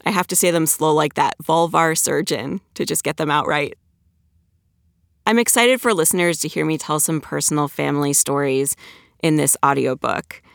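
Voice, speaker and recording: A woman's voice: low voice, creaky, a bit bright, no room sound, studio quality. A woman in her forties, an author and podcaster, talking casually and plainly about her book. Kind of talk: casual spoken reflection.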